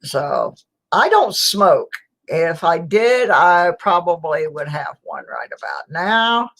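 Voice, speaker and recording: A woman's voice: lowish voice, very animated, slow pace, fairly bright tone, poor audio. A woman hosting her own live stream, chatting casually with viewers and laughing often. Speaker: channel host.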